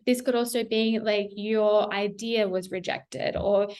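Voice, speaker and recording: A woman's voice: mid-range voice, fairly even intonation, unhurried, darkish tone. A young adult woman giving a casual tarot reading, chatty and encouraging, laughing often and talking with many fillers. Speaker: tarot reader.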